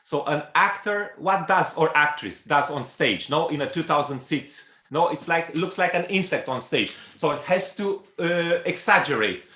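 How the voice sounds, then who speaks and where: A man coaching a cello student in a masterclass, pausing often with fillers and singing phrases aloud to show them. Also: fairly high pitch, expressive, sharp tone. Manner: hesitant, many fillers, sings phrases aloud. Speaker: cello teacher. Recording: roomy hall with instrument music.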